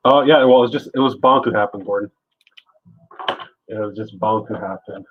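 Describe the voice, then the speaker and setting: Relaxed low-voiced man chatting while painting. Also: moderate pace, narrow, tinny audio. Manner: relaxed, chatty, answers chat as he works, joking. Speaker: artist live-streaming his work. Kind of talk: casual live-stream chat while painting. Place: home art studio.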